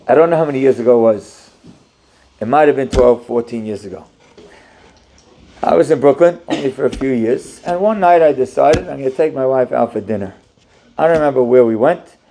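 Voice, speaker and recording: A man, a rabbi, tells a personal story in an animated, conversational sermon and talks straight to his audience. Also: mid-range voice, vocal fry, slight background noise.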